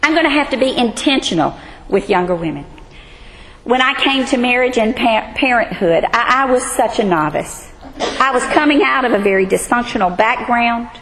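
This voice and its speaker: Woman, sixties, Bible study teacher; high, earnest, emphatic delivery, reverb of a hall and a faint hum behind. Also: lively intonation, moderate pace, fairly bright tone. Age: 60s. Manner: earnest, emphatic, emotional at times.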